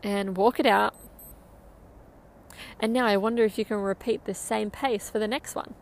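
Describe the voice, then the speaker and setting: A woman's voice: mid-range voice, steady tone, moderate pace, vocal fry. A woman coaching a guided interval run outdoors, upbeat and encouraging as she counts down. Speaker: running coach.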